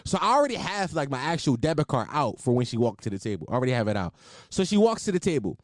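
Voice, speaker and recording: A man in his twenties telling a story casually, animated and full of profanity. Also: mid-range voice, quick pace, no echo, studio quality. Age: 20s. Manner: profane, animated, exaggerated outrage.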